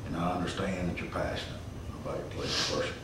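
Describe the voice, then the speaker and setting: A low-voiced council member answers in a calm, deliberate, reassuring way. He is heard from far away in a very echoey chamber, with faint background hiss. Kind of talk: measured reply at council meeting.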